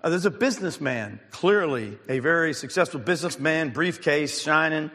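A man preaching a sermon as a pastor, telling stories with fillers, restarts and an occasional clearing of the throat. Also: on the high side, animated, moderate pace, hardly any pauses, fairly bright tone, big-room sound.

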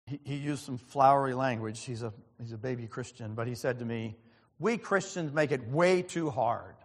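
A man's voice: medium pitch, moderate pace. Man preaching in a reverberant hall. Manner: earnest, storytelling, quotes others in conversation. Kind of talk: sermon with personal story. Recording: long reverb of a large hall.

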